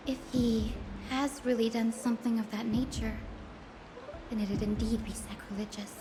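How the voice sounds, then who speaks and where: An actress voicing an earnest young woman in a fantasy game, recounting events in an animated storytelling way. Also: fairly high pitch, normal speed, background noise, natural voice. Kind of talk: game character dialogue. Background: game music.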